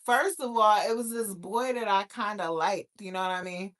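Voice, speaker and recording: A young woman hosts her own show, chatting casually and reacting to viewer comments at a moderate pace in a mid-range voice. She's brash and profane and keeps breaking into loud laughter.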